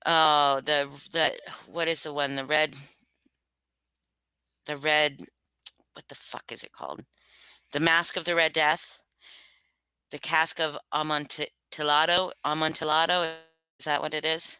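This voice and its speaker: A woman's voice: low voice, flat delivery, measured pace, pauses often, bright, forceful tone, clear, resonant tone, no room sound. A woman hosting a casual livestream, chatting loosely with many fillers and restarts. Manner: rambling, filler-heavy, self-conscious. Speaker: livestream host reading stories.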